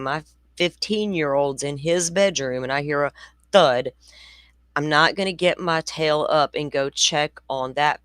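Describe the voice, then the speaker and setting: Here a true crime podcast host in her forties talks in a low-pitched, slightly bright voice with no echo. She's doing casual livestream commentary, chatty and blunt, wandering off into asides.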